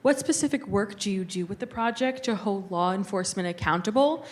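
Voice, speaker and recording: A young woman, a student, asks a prepared question from the audience. She speaks politely and reads her words with care. Her voice sits at a mid pitch. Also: lively intonation, a little fast.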